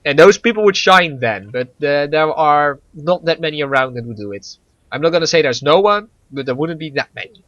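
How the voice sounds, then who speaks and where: Man, casual gaming chat, rambling, stammering, laughs a lot, slightly high pitch, dry close sound. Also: lively intonation, a little fast, a bit bright, dry recording, muffled recording. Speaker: gaming podcast co-host.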